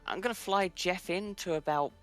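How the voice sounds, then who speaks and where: A player in a tabletop game, talking slowly and musingly and laughing often. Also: medium pitch, fairly bright tone, soft background music. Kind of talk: casual tabletop play.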